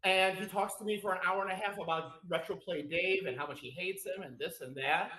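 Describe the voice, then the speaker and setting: Man, casual chat, rambling and animated, echoey room. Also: high-pitched, a little fast. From Chicago.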